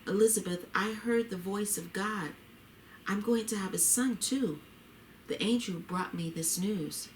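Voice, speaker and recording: A woman's voice: medium pitch, a little slow, slight background noise, natural voice. Mary, a woman reading as a pious young woman. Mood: earnest. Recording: roomy echo.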